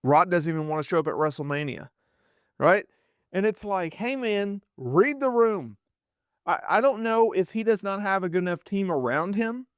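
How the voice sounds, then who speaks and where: A man giving opinionated wrestling news commentary, animated and sarcastic, often acting out quotes in mock voices. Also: high voice, fairly quick, smooth, no room sound, studio quality.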